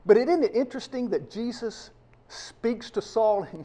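Emphatic high-pitched male preacher. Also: expressive, normal speed, warm tone. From United States. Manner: emphatic preaching with rhetorical questions. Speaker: pastor. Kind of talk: sermon.

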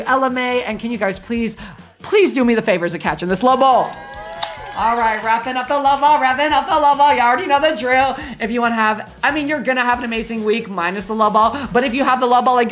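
Gushing young-sounding woman streamer, slightly hoarse. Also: fairly high pitch, a bit bright. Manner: gushing, affectionate, chatty with slang and fillers. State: voice starting to go hoarse. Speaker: livestreamer. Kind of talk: casual end-of-stream chat.

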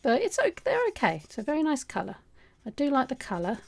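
A woman chatting casually through an art supply unboxing, rambling and restarting her sentences, her voice going a little hoarse. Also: high-pitched, huge pitch swings, fast talker. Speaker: art vlogger.

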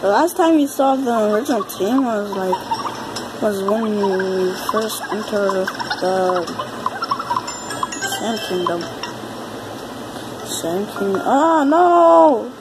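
A woman with a cold giving excitable, rambling commentary over her gameplay, exclaiming often. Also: mid-range voice, takes it slowly, long pauses, background noise. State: has a cold. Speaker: let's play gamer. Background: game music.

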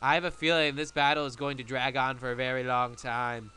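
A man commentating his own gameplay in a casual way, shouting and pleading at the game as he plays. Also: mid-range voice, moderate pace, vocal fry, hardly any pauses, clear, resonant tone, soft background music. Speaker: let's play gamer.

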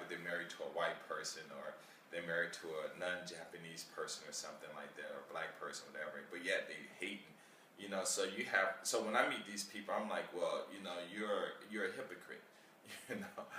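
Man, deep voice, bright and forceful, casual rambling vlog, roomy sound, recorded from a distance, faint street noise. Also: fairly quick. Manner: rambling, animated, plays out street chats. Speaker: vlogger.

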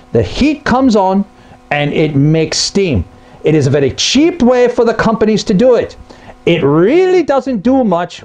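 A man's voice: sits high, a little mellow. A man who repairs appliances, explaining a topic to camera in a blunt, conversational way. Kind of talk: explainer video.

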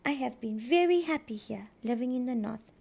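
A woman voicing a sad, gentle young male duck in a storybook reading, speaking softly and wistfully. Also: a little high, lively intonation, moderate pace, creaky, husky, heavily acted.

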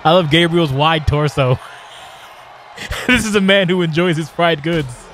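A man hosting a live stream and calling a wrestling video game match play by play, animated and jokey, shouting at the big moves. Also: on the high side, unhurried, a little hiss or hum. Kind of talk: excitable play-by-play game commentary.

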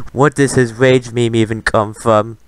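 A man's voice: medium pitch, smooth. A man hosting a reaction commentary, talking back at a clip in a defiant, retorting rant. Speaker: commentary host.

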